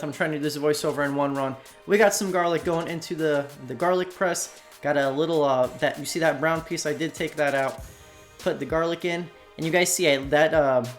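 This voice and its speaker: A man from Slovakia narrating a cooking voiceover in a casual, chatty way, talking straight to his viewers. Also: a little high. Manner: casual, chatty, addresses viewers as "you guys". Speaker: cooking channel host. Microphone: voiceover recorded separately from the video.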